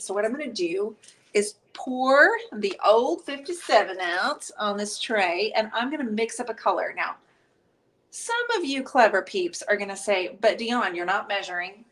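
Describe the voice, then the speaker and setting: Chatty woman hosting a painting livestream. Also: mid-range voice. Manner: chatty, upbeat, jokes with her husband. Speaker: host and paint instructor. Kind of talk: casual live-stream painting tutorial.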